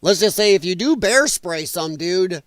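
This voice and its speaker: A middle-aged man from the American Midwest rants through a political commentary stream, swearing freely and sneering at what he mocks. His voice sits high and swings widely. The sound is close and dry. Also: expressive, normal speed, no echo. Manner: profane, sarcastic, mocking mimicry of others. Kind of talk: ranting commentary.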